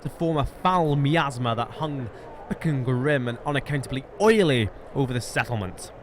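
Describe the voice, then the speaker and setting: Man reading a game aloud, lively pitch. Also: moderate pace, slight background noise. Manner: reads narration and dialogue aloud, jokes with friends. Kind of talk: live-streamed game read-aloud with chat.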